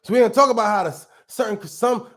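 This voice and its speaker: Blunt, profane man reacting, high voice. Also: fast, a bit bright. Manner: blunt, profane, argumentative, restarts mid-thought. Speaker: commentary show host. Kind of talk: casual reaction commentary.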